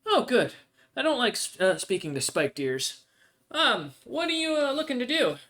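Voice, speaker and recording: A woman's voice: fairly high pitch, sing-song, moderate pace, a bit bright, voice pushed up. A man doing a sweet, sly young dwarf barkeep woman. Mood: sweet, coy. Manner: sweet-talking, coy, haggling.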